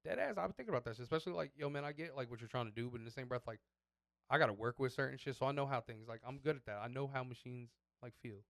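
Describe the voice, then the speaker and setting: A man's voice: medium pitch, rapid-fire, vocal fry, fairly bright tone, dry recording, studio quality. A man co-hosting a podcast, telling loose, profane work stories full of slang in casual chat. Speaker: podcast co-host.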